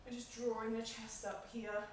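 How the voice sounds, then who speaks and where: A woman with a high, light voice leads a guided yoga class, giving calm, encouraging cues paced to each inhale and exhale at a normal speed. She's slightly out of breath as she moves. The mic sits a few steps away in a bare, echoey room, with a faint hiss or hum.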